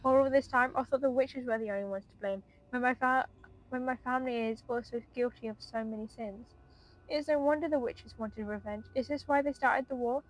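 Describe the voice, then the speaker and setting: A woman's voice: fairly high pitch, steady tone, a little fast, lightly acted, poor audio. A woman reading aloud the lines of an earnest, resolute young noblewoman in a game.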